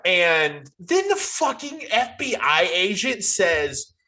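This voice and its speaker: Lively, bright-voiced exasperated man. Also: high voice, takes it slowly. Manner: exasperated, swearing, retelling scenes. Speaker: podcast co-host. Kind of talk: casual movie-review chat.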